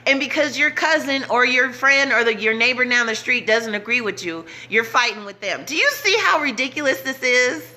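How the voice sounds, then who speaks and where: Bright, urgent woman vlogger. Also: on the high side, moderate pace, hardly any pauses. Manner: urgent, repetitive, preaching to her audience. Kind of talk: impassioned direct-to-camera talk.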